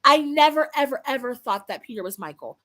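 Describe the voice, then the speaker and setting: A woman's voice: high-pitched, animated, brisk, fairly bright tone. A young woman chatting casually to her livestream viewers, blunt and swearing freely, often restarting her sentences. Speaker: livestream host.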